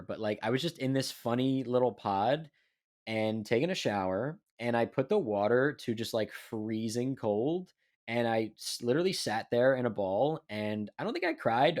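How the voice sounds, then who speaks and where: A young man co-hosting a podcast in casual chat, rambling with many fillers. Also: mid-range voice. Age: young adult. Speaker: podcast co-host.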